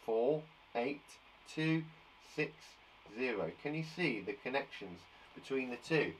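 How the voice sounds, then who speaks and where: Lively, encouraging male primary teacher. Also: mid-range voice, measured pace, slight background noise, rough recording. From England. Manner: encouraging, counts aloud, chatty asides to pupils. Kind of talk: live online maths lesson for young children.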